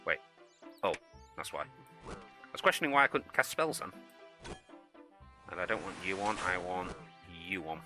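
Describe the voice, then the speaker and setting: A man's voice: low-pitched, big pitch swings, moderate pace, long pauses, over music. A young man streaming a game, chatting bluntly and swearing as he rambles. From United Kingdom. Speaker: gaming streamer and soldier. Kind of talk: casual chat while gaming and reading chat.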